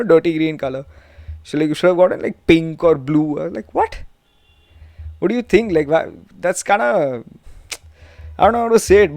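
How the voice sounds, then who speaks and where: A man's voice: fairly high pitch, darkish tone, no echo. Profane rambling man with an Indian accent. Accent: Indian English. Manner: profane, rambling, switches into Hindi and Gujarati. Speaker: podcast host. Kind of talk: casual storytelling monologue.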